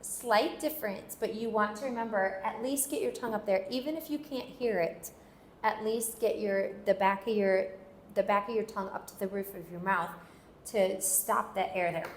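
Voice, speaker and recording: A woman's voice: medium pitch, moderate pace. A woman teaching a phonics lesson, patiently modeling sounds and asking learners to repeat after her. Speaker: language teacher. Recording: echoey room with faint hiss.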